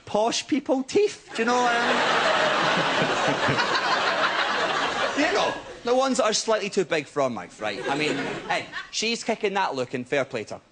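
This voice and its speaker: A young man doing stand-up comedy on a TV studio stage, telling stories with a lively, checking-in "right?" delivery. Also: high voice, a little slow, long pauses, over a noisy crowd. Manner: animated storytelling, keeps asking "right?". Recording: loud audience laughter and noise.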